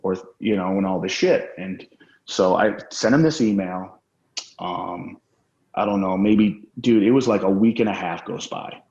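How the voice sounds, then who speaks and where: A man's voice: low voice, sing-song, a little slow, creaky, darkish tone. A man telling rambling, profane anecdotes as a guest in a casual interview. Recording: roomy, dull lo-fi sound.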